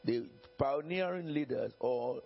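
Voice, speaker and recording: A man's voice: medium pitch, a little slow, vocal fry, slightly rough. A man preaching a sermon as pastor, emphatic and repetitive, often chuckling and checking in with the congregation. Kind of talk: sermon with Bible reading. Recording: dull lo-fi recording.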